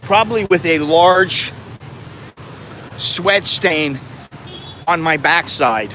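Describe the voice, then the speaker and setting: A man's voice: a little high, slow pace, bright, forceful tone. Sweaty american guy walking around a city talking to the camera, dry jokey asides, traffic noise all around. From United States. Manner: wry, self-mocking, chuckling asides. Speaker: travel vlogger. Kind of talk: casual walking vlog. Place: busy city streets outdoors. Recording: outdoor street noise.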